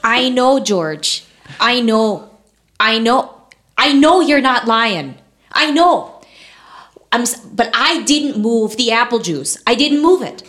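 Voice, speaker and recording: A fretful colonial first lady, as a woman puts her on, with a Midwestern lilt. Her voice rides high and pleading, loud and insistent. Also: expressive, takes it slowly. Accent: Midwestern, put on.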